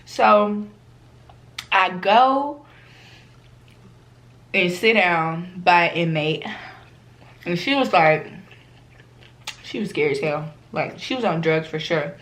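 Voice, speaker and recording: A young woman, chatting casually as a vlogger, animated and slangy, often acting out the people in her story. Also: lowish voice, slow, long pauses. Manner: animated, slangy, acts out quoted voices.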